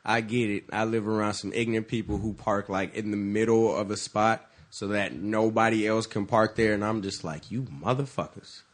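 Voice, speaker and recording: A man's voice: fairly low pitch, steady tone, moderate pace, hardly any pauses. A man co-hosting a casual sports chat, blunt and profane with a joking edge. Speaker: podcast co-host.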